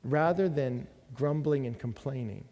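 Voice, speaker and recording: Conversational preacher in a reverberant hall. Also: male voice, medium pitch, a little slow, warm tone. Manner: conversational storytelling preaching with rhetorical questions. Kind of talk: sermon. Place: large hall at a college ministry gathering. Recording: long reverb of a large hall.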